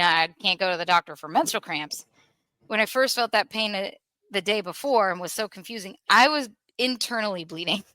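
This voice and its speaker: A woman's voice: medium pitch, dry recording. A woman in her thirties hosting a podcast, candidly retelling a personal story and acting out what people said. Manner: candid, animated retelling with acted quotes. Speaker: podcast host.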